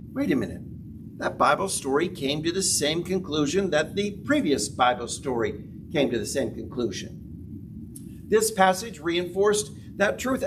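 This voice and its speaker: A man preaching a sermon as pastor, with dramatic swings in pitch and loudness and emphatic repetition. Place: church sanctuary. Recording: distant mic with background noise.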